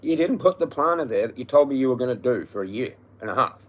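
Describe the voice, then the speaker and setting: A man's voice: mid-range voice, lively intonation, quick pace. A man ranting angrily and profanely on a livestream, repeating himself. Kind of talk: angry livestream rant.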